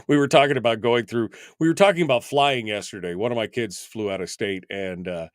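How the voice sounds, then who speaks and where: A man's voice: medium pitch, fairly quick, no echo, studio quality. A man in his fifties hosting a talk radio show, delivering a wry, exasperated, rambling monologue full of asides. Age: 50s.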